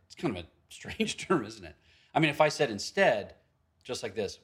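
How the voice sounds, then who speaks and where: A man's voice: mid-range voice, sing-song, normal speed, a bit bright. A male pastor giving a sermon in a conversational, storytelling way, with frequent asides and restarts.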